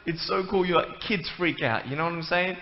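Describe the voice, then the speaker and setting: A man's voice: on the high side, fairly quick. Joking man in an echoey hall. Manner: playful, joking, chatty. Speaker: guest speaker. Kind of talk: humorous stage talk. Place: church hall. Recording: echoey hall, muffled, faint noise.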